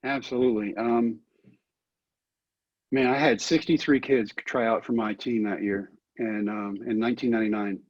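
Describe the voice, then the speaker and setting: Earnest folksy middle-aged man, husky voice. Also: medium pitch, fairly even intonation, normal speed, darkish tone, no echo, muffled recording. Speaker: guest. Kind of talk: storytelling interview answer.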